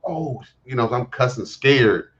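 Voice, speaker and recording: A middle-aged man hosting a live morning show, telling a story with animated exclaims and laughs. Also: mid-range voice, unhurried. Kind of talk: casual live-stream chat. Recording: muffled online call audio.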